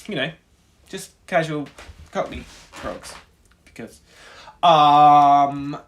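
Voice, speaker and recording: A man's voice: a little high, very slow. A man casually talking to himself during a music-making livestream, mumbling ideas half under his breath. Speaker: music producer streaming a track build.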